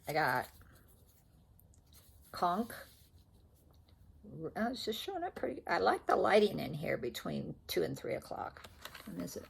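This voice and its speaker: A woman's voice: lowish voice, big pitch swings, measured pace, gravelly, long pauses, breathy edge. An older woman vlogging about her stitching at home, rambling and chatty and often correcting herself as she shows off her threads. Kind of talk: casual show-and-tell chat. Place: at home indoors.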